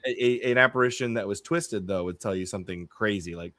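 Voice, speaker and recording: A man with a lowish voice hosting a podcast, chatting in a relaxed, casual way and leaning on "like" between thoughts. The recording is dry and close, with no room sound. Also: quick pace, no echo. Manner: relaxed, peppers speech with "like". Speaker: podcast host. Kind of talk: casual conversation.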